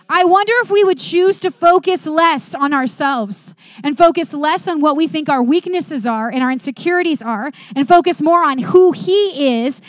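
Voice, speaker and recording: A woman delivers a sermon, reading scripture and preaching with earnest conviction. Her voice sits a little high and swings from bright, lifted phrases to soft, quiet emphasis. The sound is close and dry, with no room echo.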